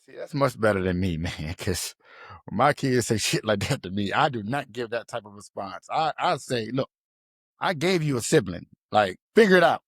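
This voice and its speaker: A man jokes bluntly in a podcast conversation and laughs often between lines. His pitch swings widely as he speaks. The recording is close and dry. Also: lively intonation, normal speed, husky, no echo. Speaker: podcast co-host. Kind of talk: casual podcast chat.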